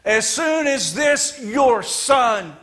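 A man's voice: extremely high pitch, big pitch swings, slow pace, sharp tone, pitched above the performer's own voice, full character voice. A man playing a bitter, sulking older son. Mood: resentful. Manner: complaining, indignant.

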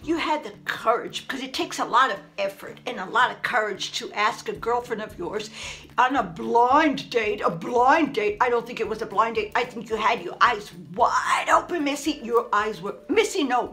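A woman's voice: fairly high pitch, lively intonation, pushed and bright, low-quality recording. A woman vlogger giving a casual, sarcastic commentary monologue, mocking the person she talks about and speaking straight to her. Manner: sarcastic, mocking, addressing the subject directly; repetitive, keeps saying "fast forward" and "move on".

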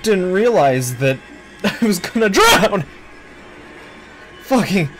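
Slow, panicky gamer swearing at scares. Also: mid-range voice, big pitch swings, music in the background, poor audio. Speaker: gameplay streamer. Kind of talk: casual let's play commentary.

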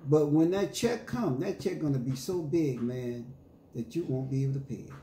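A man's voice: mid-range voice, lively intonation, moderate pace, warm tone, slight background noise. Preaching man in an echoey church. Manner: preaching with scripture reading and call-and-response; emphatic, paraphrases scripture in casual slang. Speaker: pastor. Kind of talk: sermon. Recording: echoey room with faint ambience.

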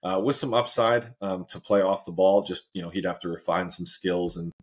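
A man's voice: low-pitched, normal speed. A man co-hosting a casual sports chat, laid-back, laughing often and saying "man" a lot. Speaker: co-host.

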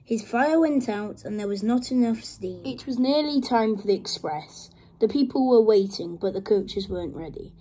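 A woman reading a children's story aloud in a slow, gentle storybook manner. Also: fairly high pitch, husky.

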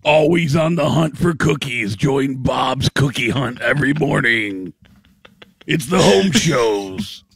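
A man's voice: mid-range voice, animated, takes it slowly, creaky, fairly bright tone, breathy edge, no echo, clean studio sound. A man co-hosting a morning radio show from home, tossing in teasing, giggly asides. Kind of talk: casual radio banter from home.

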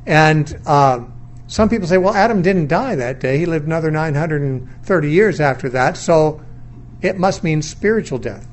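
Man, middle-aged, Bible teacher, sermon lecture, fairly high voice, thoughtful, questioning, reasoning aloud. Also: lively intonation, normal speed. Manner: questioning, weighing views, undogmatic.

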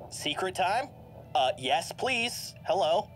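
Guy doing let's play commentary, pitch jumping all over, game music going underneath. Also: slow pace. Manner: animated, jokey, reacts aloud and laughs often. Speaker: gameplay commentator. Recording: game music playing behind.

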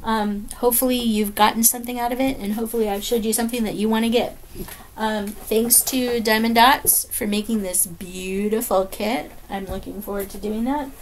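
A woman's voice: on the high side, steady tone, normal speed. A woman chatting casually as she unboxes a craft kit at home late at night, gushing and rambling with many ums and apologies. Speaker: crafting vlogger. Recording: noticeable background noise.

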